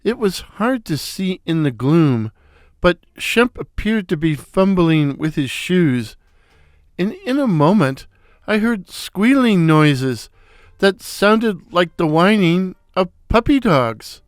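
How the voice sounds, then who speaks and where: A man narrating a comic story in a wry, deliberate way. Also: sits high, sing-song, no room sound, clean studio sound. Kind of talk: storytelling with character voices.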